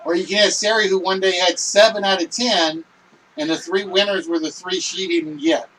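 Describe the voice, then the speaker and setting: Excitable high-voiced man hosting a game show. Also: normal speed, distant mic, slight background noise, low-quality recording. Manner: loud, excitable and chatty.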